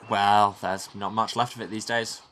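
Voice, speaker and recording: A dry, wry young artist speaking in measured tones, as a man voices him. The voice is bright with a slight edge of weariness, and close to an everyday voice. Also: on the low side, little pitch movement, slight background noise, close to an everyday voice.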